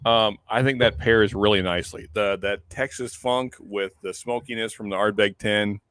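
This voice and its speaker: A man's voice: lowish voice, steady tone, normal speed, a bit bright, clear, resonant tone, no room sound. A man hosting a casual whiskey live stream, easygoing, often repeating words as he starts a sentence. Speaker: whiskey show host. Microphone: close desk microphone.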